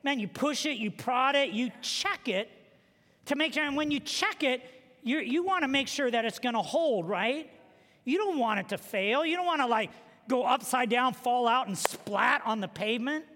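Pastor guy preaching, super high and bright voice, funny storyteller, big echoey church hall. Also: normal speed. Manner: animated storytelling with humor. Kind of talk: sermon. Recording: long reverb of a large hall.

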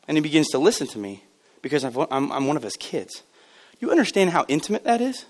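A man in his thirties preaches to a congregation with a high-pitched voice. He swings from loud, excited bursts down to hushed, low asides. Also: a little fast. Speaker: pastor. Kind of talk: sermon. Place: church sanctuary.

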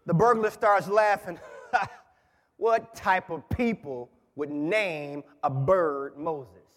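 A man in his forties, a guest preacher, giving a sermon in a lively, joking, conversational way. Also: fairly high pitch, slow pace. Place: large church. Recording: church with long reverb. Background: congregation.

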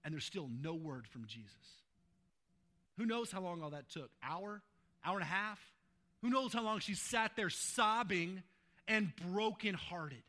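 A high-pitched man preaches as pastor, animated yet unhurried. He speaks emphatically, stacking adjectives and swinging between loud urgency and quiet tenderness.

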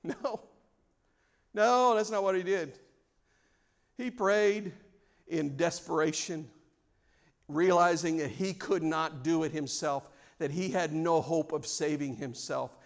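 A man preaching a sermon, swinging between loud, mock-formal prayers and quiet, reflective stretches. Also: on the high side, takes it slowly, gravelly, long pauses. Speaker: pastor.

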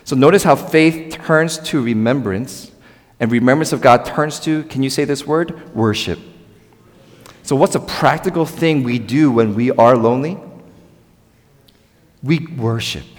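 A man delivers a sermon in a conversational, animated way, often asking the congregation to say words back to him. His voice sits at an ordinary pitch for a man. A long church reverb trails behind each phrase. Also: unhurried, long pauses. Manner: animated, conversational preaching with audience call-and-response. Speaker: pastor. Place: church sanctuary.

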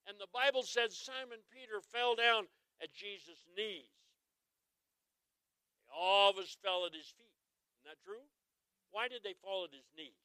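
A man preaching a humorous sermon, telling folksy stories and asking the crowd to answer him, swinging from quiet asides to loud exclamations. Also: high voice, normal speed, clear, resonant tone, dry recording, poor audio. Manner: folksy, joking, asks the crowd for responses. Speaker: traveling evangelist.

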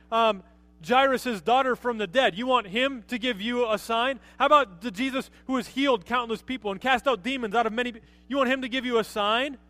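A man's voice: very high-pitched, bright, forceful tone. A man preaching a conversational sermon as pastor, often asking his listeners rhetorical questions.

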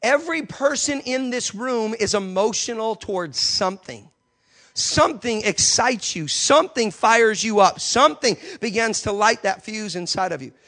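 High-voiced preacher man. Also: lively intonation, normal speed. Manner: passionate preaching with sudden loud outbursts and acted quotes. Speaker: pastor. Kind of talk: sermon. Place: church.

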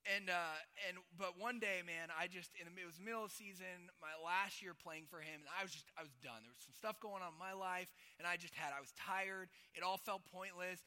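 Young male pastor, sharp bright tone, chatty asides, big reverberant sanctuary. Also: high voice, a little fast, few pauses, clean tone. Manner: builds from quiet to a loud climax; conversational with asides like "right?". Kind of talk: sermon. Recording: long hall reverb.

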